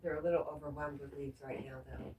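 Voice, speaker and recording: A woman hosts a casual home livestream, reading viewer comments aloud and answering them one by one. Her voice sits low and unhurried. She is set back from the mic in an echoey room with a faint hum of ambience behind her. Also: fairly even intonation, a little mellow. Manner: reads viewer comments aloud, breaks off to scold her dog. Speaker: livestream host reading chat. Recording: roomy echo, distant from the mic, faint ambient noise.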